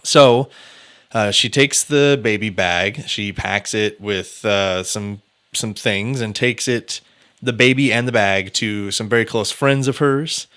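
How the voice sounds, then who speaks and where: A man with a fairly low voice tells a true-crime story on a podcast. He talks loosely and casually, full of "uh" and "like", and swears now and then. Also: slow, fairly bright tone, clean tone. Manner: loose and chatty, many fillers and restarts, swears casually. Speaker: podcast host.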